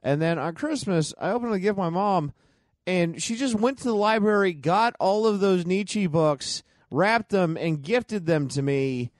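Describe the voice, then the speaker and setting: A young man co-hosting a comedy podcast, telling stories casually in a rambling, halting way. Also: sits high, expressive, no echo. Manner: rambling, halting, many restarts. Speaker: podcast co-host.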